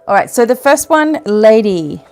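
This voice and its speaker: A woman's voice: a little high, animated, unhurried, darkish tone, soft background music. A woman giving a casual oracle card reading to her viewers, chatting, laughing at her own slips and reading card text aloud.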